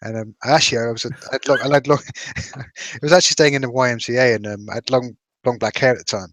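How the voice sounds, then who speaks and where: A man's voice: medium pitch, fairly even intonation, fast talker, fairly bright tone, dry recording. A man with an English accent that slips toward cockney, telling rambling, self-mocking stories in a casual chat. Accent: English, drifts cockney. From England. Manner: rambling storyteller, self-mocking, stumbles and restarts.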